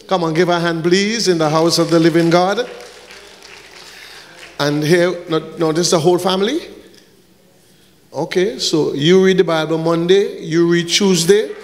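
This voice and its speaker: A man's voice: on the high side, moderate pace, long pauses, long reverb tail, a little hiss or hum. A man preaching as a pastor, joking and bantering with the congregation while handing out gifts, sometimes breaking into short sung lines. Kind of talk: church service, handing out gifts. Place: church hall.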